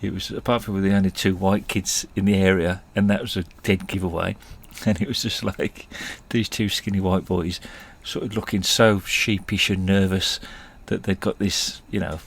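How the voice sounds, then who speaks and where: A man's voice: low voice, steady tone, normal speed, gravelly, hardly any pauses, husky. A man, telling stories in a rambling, self-deprecating way and chuckling often. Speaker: podcast host. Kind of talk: casual storytelling monologue.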